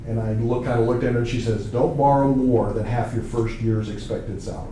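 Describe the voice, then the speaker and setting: A man's voice: medium pitch, fairly even intonation, a little fast, few pauses, mellow, slight background noise. A man in his forties from Arkansas, lecturing a college class conversationally and asking them questions. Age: 40s. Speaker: college instructor. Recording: echoey classroom from a distance.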